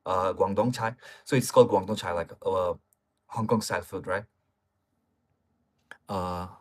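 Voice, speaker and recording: A man hosting a casual live stream, chatting straight to his viewers with plenty of fillers. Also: fairly low pitch.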